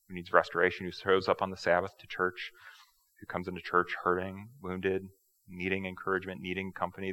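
A male pastor delivers a sermon in a church, his voice low-pitched yet bright and forceful. He explains scripture in a relaxed, conversational way, doubling back on words as he speaks. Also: rough recording. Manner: conversational preaching with repeated words and asides. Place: church sanctuary.

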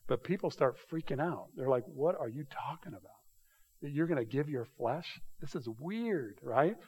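A man's voice: fairly high pitch, animated, moderate pace, darkish tone, breathy edge. A man preaching a sermon in a conversational way, reading scripture aloud and building emphasis on key lines. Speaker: pastor.

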